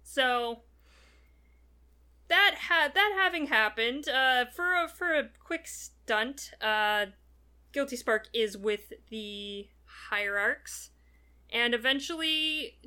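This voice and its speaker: A woman hosting a casual podcast, recapping a story in an animated, chatty way. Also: fairly high pitch, slow, smooth. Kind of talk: casual chat.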